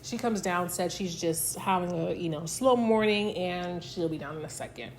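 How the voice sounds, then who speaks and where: A woman with a fairly low voice chats casually at normal speed, recapping a reality TV episode. Her filler-heavy retelling acts out what the cast said, over a little hiss or hum.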